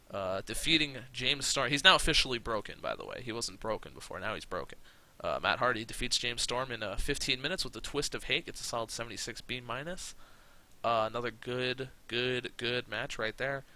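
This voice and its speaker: Bright-voiced man rambling through game commentary. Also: mid-range voice, lively intonation, normal speed. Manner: rambling, swears, laughs often. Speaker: gaming channel host. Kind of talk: casual let's-play commentary.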